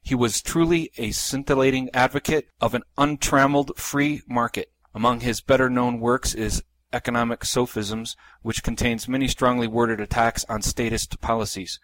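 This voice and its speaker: A man hosting a podcast, reading a prepared introduction in a steady, plain manner. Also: mid-range voice, normal speed, no room sound, poor audio. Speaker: podcast host. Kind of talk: scripted introduction.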